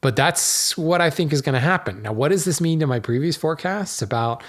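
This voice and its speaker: A man's voice: fairly high pitch, animated, a little fast. A man hosting a podcast, talking casually and loosely with many fillers and restarts as he works at a hardwood dealer. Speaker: podcast host. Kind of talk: casual solo talk.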